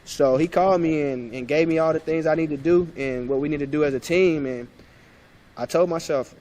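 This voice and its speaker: Animated former point guard, higher voice. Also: male voice, fairly quick. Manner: animated, acts out past conversations. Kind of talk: casual storytelling interview.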